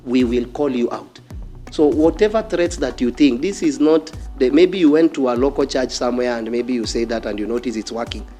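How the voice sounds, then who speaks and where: A man's voice: medium pitch, a little fast, dark tone, soft background music. A man with a Kenyan accent preaching a fiery sermon, repeating phrases and challenging his listeners directly. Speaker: pastor.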